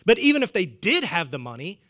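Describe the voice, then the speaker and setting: A man's voice: high voice, huge pitch swings, a little fast, a bit bright. A man with a Southern US accent preaching a sermon, humorous and conversational, chuckling often. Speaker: pastor.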